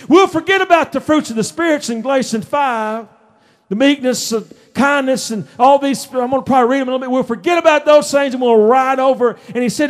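High-voiced folksy preacher. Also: male voice. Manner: folksy, emphatic preaching with rising shouts. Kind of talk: sermon. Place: church sanctuary.

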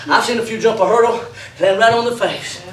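High-voiced preacher shouting praise. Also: male voice, brisk. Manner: exclaiming, laughing, shouting bursts. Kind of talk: revival sermon. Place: church sanctuary. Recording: roomy echo from far off. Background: congregation calling out.

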